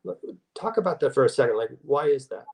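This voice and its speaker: A man's voice: mid-range voice, animated, fast talker, a little mellow, poor audio. A man hosting an interview asks his questions casually. He hesitates often, circling back and restarting his sentences. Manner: hesitant, lots of fillers and restarts.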